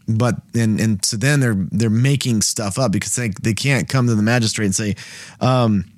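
A man's voice: mid-range voice, a little mellow, no echo, clean studio sound. A man hosting a Bible study, explaining scripture in a casual, conversational way and thinking aloud as he goes.

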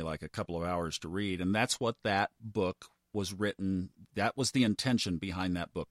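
A man in his fifties hosting a podcast, telling a personal story in an earnest way that builds to animated emphasis. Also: mid-range voice, no echo, clean studio sound. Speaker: podcast host.

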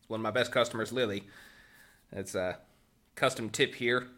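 A man's voice: on the low side, fairly even intonation, moderate pace, pushed and bright. A man narrating as game master on a tabletop game podcast, joking and rambling with restarts.

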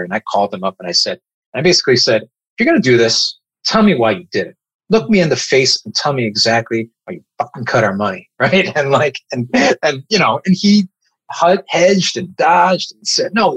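A man who leads an advocacy group, telling war stories in a casual, animated and profane way. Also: mid-range voice, slightly rough, dry recording, poor audio. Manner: animated, profane, emphatic storyteller. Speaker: nonprofit advocacy leader. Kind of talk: casual podcast storytelling.

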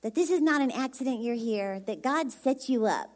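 A woman's voice: on the high side, animated, moderate pace, a little mellow. A woman from Dallas with a Texan accent and a very youthful, childlike voice, preaching as a bubbly, chatty guest speaker who laughs often. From Dallas, Texas. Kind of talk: sermon.

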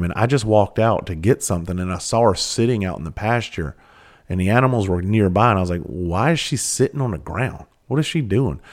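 Deep-voiced man telling a blunt story. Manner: blunt, profane, deliberate with frequent restarts. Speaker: father telling a personal story. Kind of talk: candid personal storytelling monologue.

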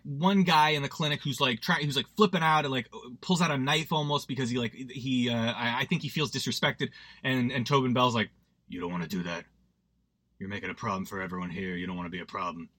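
A man's voice: fairly high pitch, fairly bright tone, slightly rough, dry recording. A man hosting a podcast, recapping a horror movie in a rambling, self-deprecating way with lots of asides. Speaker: podcast host.

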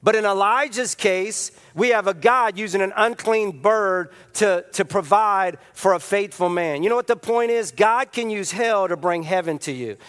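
A preacher speaking to his congregation, animated and storytelling, with a fairly high male voice. The sound carries a long, echoing hall reverb. He moves between plain talk and acted-out voices as he preaches. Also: moderate pace, few pauses. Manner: animated storytelling, acts out quotes with comic voices. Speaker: pastor. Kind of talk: sermon.

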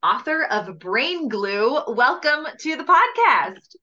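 Podcast host, woman, crisp bright voice, enthusiastic, interviewing a guest. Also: high voice, sing-song, slow, dull audio. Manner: upbeat, enthusiastic welcomes. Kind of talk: interview hosting.

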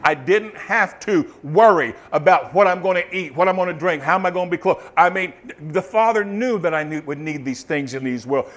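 A man preaching a sermon, swinging from loud fervent bursts to soft, murmured testimony. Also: high voice.

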